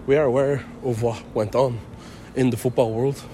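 A man's voice: mid-range voice, steady tone, moderate pace, dark tone, a little hiss or hum. A young Irish man co-hosting a podcast, chatting in a jokey, self-mocking way while walking around a city. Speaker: podcast co-host. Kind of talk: casual travel chat. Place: outdoors and in an airport, walking through a city.

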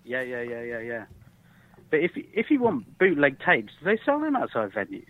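Caller on a thin dry phone line, chatty, slightly nervous, lively pitch. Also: male voice, moderate pace. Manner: chatty, a bit nervous, joking. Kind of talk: radio phone-in call.

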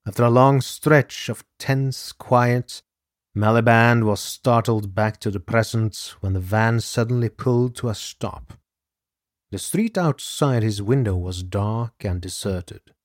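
A man's voice: medium pitch, measured pace, dry recording, studio quality. A man narrating a scripted true-crime story in a dramatic manner, speaking straight to the listener. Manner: addresses the listener directly, dramatic. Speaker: podcast narrator.

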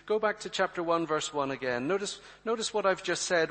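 A man's voice: sits high, lively intonation, a little fast, hardly any pauses, fairly bright tone. A man preaching a sermon to his congregation, emphatic, full of rhetorical questions and direct appeals. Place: church. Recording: reverberant church hall.

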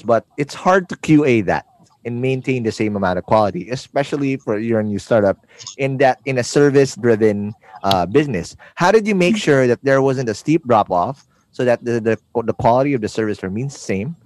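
Animated Filipino man hosting a podcast. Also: mid-range voice, fairly quick, dry recording. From Philippines. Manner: rambling, digressive, stammers with repeated words. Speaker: podcast host. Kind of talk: casual interview.

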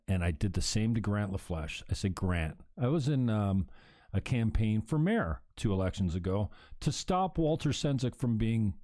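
A man's voice: mid-range voice, warm tone. A man hosting a talk show, speaking bluntly and emphatically, with frequent profanity. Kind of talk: heated opinion talk.

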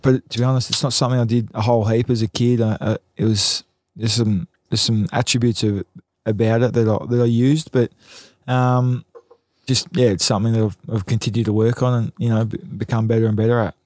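A laid-back Australian man in his late twenties answers questions modestly and pauses often with ums. His voice sits at a middling pitch. The recording is close and dry. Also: fairly even intonation, darkish tone, no echo. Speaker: professional footballer, guest. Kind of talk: casual chat, interview answers.

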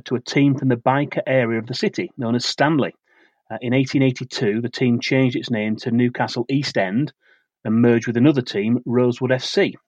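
A man co-hosts a football podcast and reads a prepared preview in a steady, measured way. His voice is mid-pitched for a man. The recording is dry and a little dull, with a slightly lo-fi sound. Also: no room sound. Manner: steady, measured delivery of facts and dates. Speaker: podcast co-host presenting match previews. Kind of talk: reading a prepared match preview.

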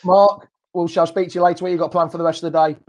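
A man's voice: sits high, little pitch movement, rapid-fire. Bantering man hosting. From Leicester, England. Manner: jokey, banter-filled. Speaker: host of a football fan show. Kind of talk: casual chat on a live stream.

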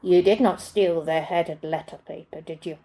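A woman's voice: lowish voice, steady tone, moderate pace, dark tone, natural voice. A woman reading as a dry, stern old butler. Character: dry, judgemental older male butler.

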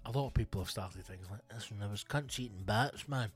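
A man's voice: on the low side, brisk, soft background music. Sweary man ranting. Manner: sweary, sardonic, mimics voices. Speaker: podcast host. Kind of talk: profane rant.

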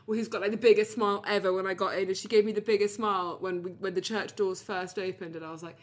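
A young British woman co-hosts a podcast, telling a story in casual chat while swearing freely and laughing often. She talks fast in a steady, medium-pitched voice.

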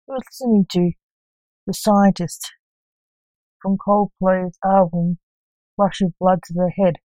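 A woman narrating a spooky fantasy story in a measured, even reading. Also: medium pitch, dry recording, low-quality recording.

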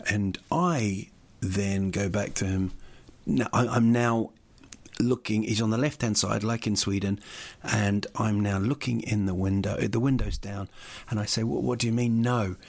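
A man's voice: lowish voice, vocal fry. A man, a comedian, telling a rambling, sweary comic story that keeps getting more worked up.

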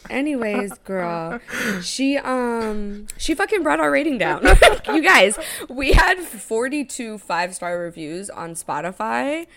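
A woman's voice: a little high, lively intonation, slow. Playful, dramatic young woman co-host. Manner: loud, playful, dramatic, swears freely. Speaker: podcast co-host. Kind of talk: casual chat.

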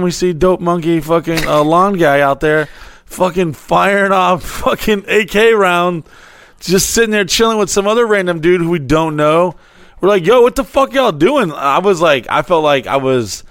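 A man with a slightly high voice chimes in with jokes and blunt, profane asides. He is heard close to the mic in a dry space with no echo. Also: fairly bright tone, clear, resonant tone. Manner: interjecting, profane, jokey. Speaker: podcast co-host. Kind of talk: casual chat.

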